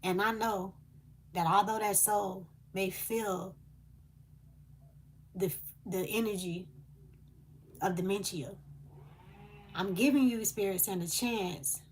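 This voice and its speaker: A woman's voice: medium pitch, fairly even intonation, slow pace, long pauses, slight background noise. A woman speaking, delivering a channeled spiritual message in an earnest, emotional way with hesitant fillers.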